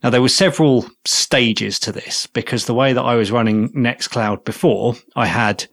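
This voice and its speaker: A man's voice: medium pitch, moderate pace, vocal fry, a bit bright, no echo, studio quality. Man explaining tech step by step. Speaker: podcast co-host. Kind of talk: casual tech chat.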